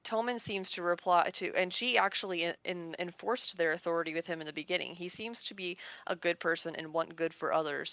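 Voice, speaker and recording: A woman's voice: on the low side, vocal fry, a bit bright, dry recording. A woman co-hosting a podcast, rambling through her theory with lots of fillers. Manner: rambling, filler-heavy with 'like'. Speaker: podcast co-host. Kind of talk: casual discussion. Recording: dull dry lo-fi mic.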